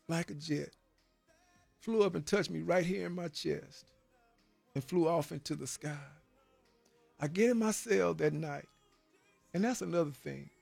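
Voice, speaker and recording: In a dry recording, a man with a high, creaky voice gives an emphatic, heartfelt faith testimony about his time in prison. He often tags phrases with "man," repeats words as he gets stirred up, and has a preacher-like cadence.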